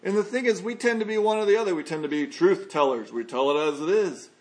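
High-voiced man preaching a sermon. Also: a little mellow. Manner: earnest, measured, conversational preaching. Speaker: pastor. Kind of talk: expository sermon.

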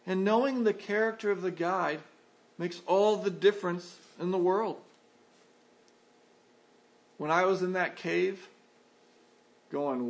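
High-voiced preacher, earnest and lively. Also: male voice. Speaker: pastor. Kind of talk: sermon.

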